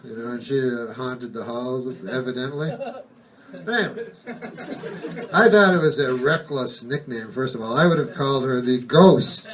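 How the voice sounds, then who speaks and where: A man's voice: medium pitch, lively intonation, normal speed. A male stand-up comedian doing a rambling, profane routine that keeps interrupting itself. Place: comedy stage before a live audience. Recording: distant mic with audience laughter.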